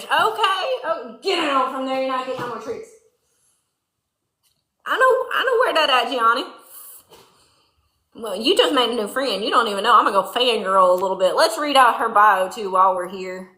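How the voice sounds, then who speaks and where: Southern lady w a louisiana twang chatting on a farm livestream, bright kinda tense voice, echoey barn. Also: a little high. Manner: chatty, folksy, drawling country twang. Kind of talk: casual livestream chat reading viewer comments. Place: barn during milking chores.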